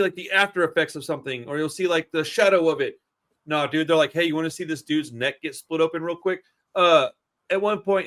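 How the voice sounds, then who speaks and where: A man in a casual film review chat, talking in an excitable, profane, slangy way. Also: a little high. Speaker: podcast co-host.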